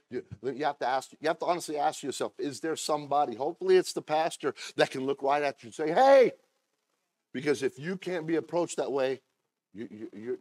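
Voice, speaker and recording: There's no echo as a male pastor preaches, moving back and forth between quiet, personal remarks and loud, impassioned shouting. Phrases get repeated and restarted often.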